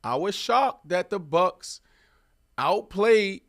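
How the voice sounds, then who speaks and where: Animated former athlete man debating football. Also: high voice, slow pace. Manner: emphatic, animated, repeats himself. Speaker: co-host, former wide receiver. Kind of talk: casual sports debate.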